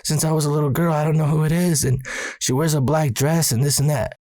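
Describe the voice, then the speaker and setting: A man's voice: fairly high pitch, steady tone, a little mellow, no echo, studio quality, pitched above the performer's own voice, close to an everyday voice. A man briefly voicing his tearful middle-aged mother as she confesses seeing a spirit. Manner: emotional, halting.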